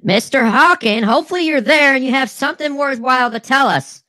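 A man's voice: very high voice, fairly quick, sharp tone. A man co-hosting a crude comedy show, brash and mocking, swearing freely. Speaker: co-host.

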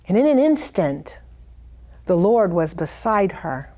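A middle-aged Christian speaker shares a vision through an impassioned testimony and prayer. Her darkish voice is animated and moves at a normal speed, fervent and pleading, climbing high whenever she cries out.

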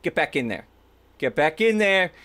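A swaggering, foul-mouthed stage magician, as a man puts him on. He barks and curses, his voice a little high and swinging widely in pitch. Loud and bossy. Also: sing-song, moderate pace. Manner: swaggering, cursing, barking.

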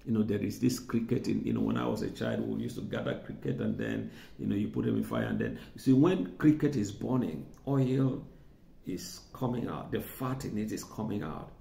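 A man's voice: lowish voice, animated, normal speed, creaky, dark tone, roomy sound. A man preaching a sermon, conversational, repeating words for emphasis and chuckling now and then. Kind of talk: sermon teaching.

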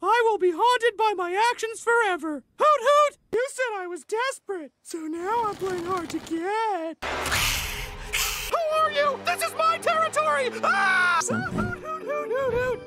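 Brief: clingy, hyper-cheerful cartoon house-owl creature, male, extremely high and shrill, slow and drawn out, hooting all the time. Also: expressive, faint music behind, heavily acted. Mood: manic excitement. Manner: constant exclamations, punctuated by hooting. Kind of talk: animated cartoon voice acting. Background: loud cartoon score.

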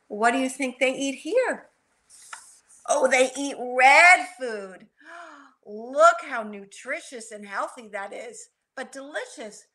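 A woman author reading a picture book aloud to children at storytime, animated and stopping often to ask them questions. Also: on the high side.

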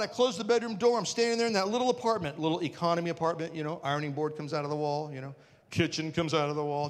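A man giving a conference talk to an audience, telling a funny personal story in an animated, self-mocking way and acting out scenes. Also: high voice. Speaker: conference speaker. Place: large parish hall with an audience. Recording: reverberant hall.

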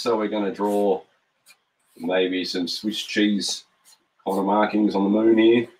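A man's voice: on the low side, flat delivery, slow, darkish tone. A middle-aged man with an Australian accent, a cartoonist chatting playfully while drawing live, with frequent ums. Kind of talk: live-stream drawing chat.

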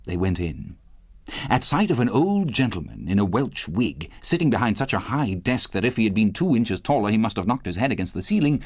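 A man reading a classic novel aloud as an audiobook narrator, with expressive, varied delivery. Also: on the low side, fairly quick, dry recording, studio quality. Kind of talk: scripted narration.

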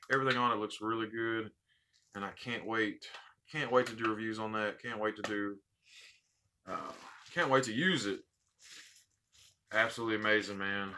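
A man's voice: mid-range voice, bright, forceful tone. A man hosting a casual unboxing vlog, heartfelt and rambling, repeating his thanks. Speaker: vape channel host.

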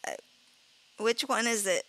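A woman with a high, bright, sharp voice streams a horror game live. She is jumpy and self-mocking, swearing casually and apologizing often. She breaks into nervous laughter and shrieks whenever something frightens her. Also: unhurried. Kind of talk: live gameplay commentary.

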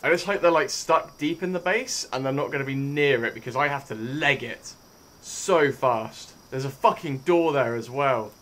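A young British man giving sweary, jumpy commentary over his own gameplay, hushed one moment and yelling the next. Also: mid-range voice, normal speed. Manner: jumpy, swears a lot, shifts from hushed to shouting. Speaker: gaming YouTuber.

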